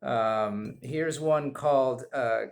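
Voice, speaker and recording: Male whisky reviewer, slow rambling deadpan delivery full of hesitations. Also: medium pitch, creaky. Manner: rambling, halting, deadpan, heavy with fillers. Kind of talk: comedic monologue review. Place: indoors at home.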